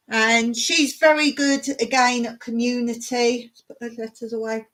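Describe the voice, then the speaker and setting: A woman hosts a relaxed live stream, chatting and laughing through her pet peeves. Her voice sits a little high. She talks at an unhurried, easy pace. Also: slight background noise. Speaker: vlogger hosting a live stream. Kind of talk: casual live-stream chat.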